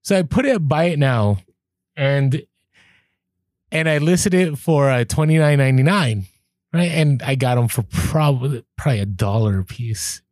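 An unhurried male co-host with a mid-range voice tells stories during a casual podcast chat, animatedly playing out the exchanges he quotes. The sound is dry and clean, studio-grade.

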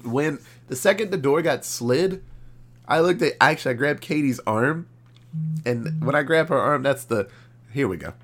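A man co-hosting a podcast, recapping a horror movie in animated, profane, casual storytelling. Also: mid-range voice, normal speed. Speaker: podcast co-host. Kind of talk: casual movie review chat.

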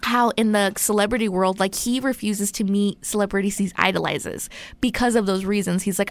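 A woman's voice: mid-range voice, brisk, dry recording. A woman co-hosting a casual podcast, recounting a news story in a chatty way. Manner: chatty storyteller, many fillers. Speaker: podcast co-host.

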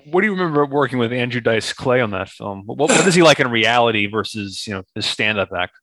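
Guy hosting the show, bright dry voice, asks stuff casually, kinda trips on words. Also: medium pitch, animated, quick pace, dry recording, low-quality recording. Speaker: podcast host. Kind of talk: casual interview questions.

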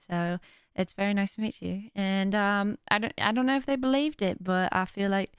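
A woman's voice: medium pitch, normal speed, smooth, no echo, studio quality. A young adult woman hosting her own podcast in casual chat, talkative and rambling with joking asides. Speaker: podcast host.

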